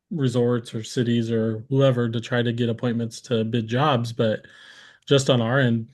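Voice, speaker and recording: A man hosting a casual live-stream interview, his voice sitting at an ordinary middle pitch. He talks in an easygoing, rambling way and keeps circling back with fillers and restarts before landing his point. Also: a little mellow. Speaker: host.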